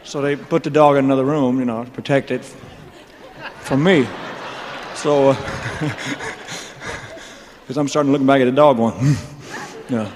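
A man's voice: mid-range voice, fairly even intonation, moderate pace, pauses often, darkish tone. A man rambles through his story on a concert stage, trailing into mumbled asides and wisecracks, chuckling between lines. His voice sits in a middling register and carries a long hall reverb with faint crowd noise behind. It has the loose, unscripted feel of a live performance. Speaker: singer telling his career story on stage.

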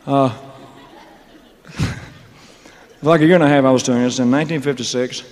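Man, thirties, singer on stage, rambling joking monologue, mid-pitched voice, long concert-hall reverb. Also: steady tone, unhurried, darkish tone. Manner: loose, joking, drawling asides full of "man" and "you know". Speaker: singer telling his career story on stage.

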